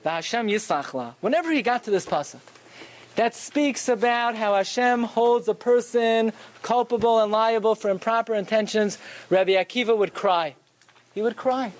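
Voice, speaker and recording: A man giving a Torah lecture, telling stories with animated rhetorical questions. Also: high voice, moderate pace. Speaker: Torah teacher.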